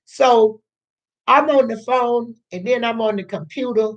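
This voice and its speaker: Speaking to camera in a fairly high voice on a muffled recording, a grandmother slowly rambles through a personal story. She chats casually, goes over the same points more than once, and performs what others said.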